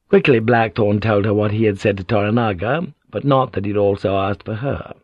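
A man reading a novel aloud as narrator, in steady, even storytelling. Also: on the low side, brisk, hardly any pauses, no room sound, dull audio. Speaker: audiobook narrator. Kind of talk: scripted narration.

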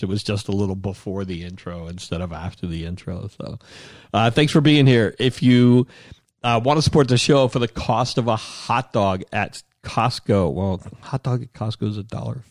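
A man's voice: lowish voice, fairly even intonation, normal speed, darkish tone, no echo, clean studio sound. A man hosting a podcast, talking in a loose, joking way and swearing freely. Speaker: podcast host. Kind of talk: casual podcast chat.

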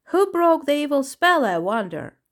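A woman voicing a little male elephant in a storybook, in a soft, childlike way. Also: on the high side, lively intonation, normal speed, voice pushed up, natural voice. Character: little male elephant, sad then cheerful. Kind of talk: storybook reading.

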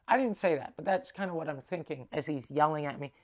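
A fast-talking young Canadian man with a higher voice hosts a podcast. He rambles through a long story with lots of animated energy, cursing freely and performing the quoted lines.

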